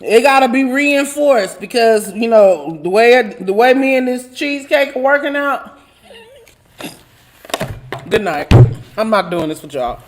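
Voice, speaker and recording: There's a little hiss or hum behind this woman's voice, which sits on the high side with lively intonation. Unhurried and pausing often, she closes out her live online talk show in casual chat, laughing frequently and joking with viewers in a churchy, affectionate way.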